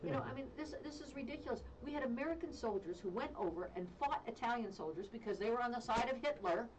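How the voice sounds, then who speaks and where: A woman's voice: fairly high pitch, lively intonation, fast talker, far from the mic, slight background noise, poor audio. A woman hosting a live radio talk show, ranting with strong opinions and mocking others in put-on voices.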